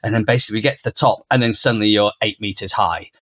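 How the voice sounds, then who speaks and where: Animated dad telling a story. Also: male voice, rapid-fire, dry recording. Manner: animated, acts out quoted lines in a much higher voice. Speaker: podcast co-host and father. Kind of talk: casual conversational storytelling.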